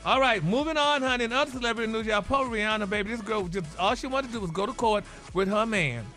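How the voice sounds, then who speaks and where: A man's voice: high-pitched, fast talker, pushed and bright, faint music behind. A man hosting a gossip segment on a radio morning show, flamboyant and dropping "honey" and "y'all" into nearly every sentence. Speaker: celebrity gossip segment host.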